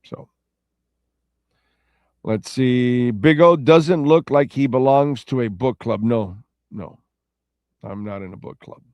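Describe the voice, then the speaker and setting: A radio show host with a medium-pitched, slightly mellow voice hosts a casual talk show, taking it slowly and pausing often. He rambles through listener comments in a loose, chatty way, correcting himself as he goes. The recording is dry, with the highs cut off.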